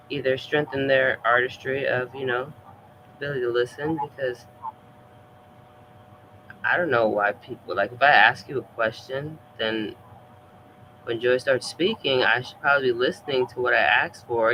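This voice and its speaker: A man's voice: mid-range voice, pushed and bright, lo-fi sound, a little hiss or hum. A man streaming, chatting in a loose, rambling way with many fillers and bursts of laughter. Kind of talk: casual rambling chat.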